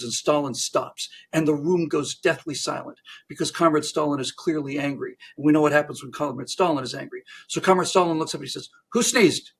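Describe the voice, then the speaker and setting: A narrator and historian, appearing as a guest, trades jokes with a host and acts out the characters, restarting often. His voice is a little high and husky.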